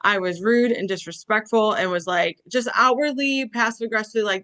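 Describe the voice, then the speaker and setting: A woman's voice: medium pitch, fairly quick, hardly any pauses, a bit bright. A middle-aged woman giving a motivational talk on grief, speaking candidly and conversationally, often checking in with "right?" and "okay?". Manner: candid, self-deprecating storytelling. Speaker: conference speaker.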